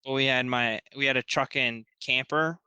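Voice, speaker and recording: A man on a podcast chatting casually about a long road trip with a camper, relaxed and conversational. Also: medium pitch, normal speed, clean tone, no echo. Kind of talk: casual chat.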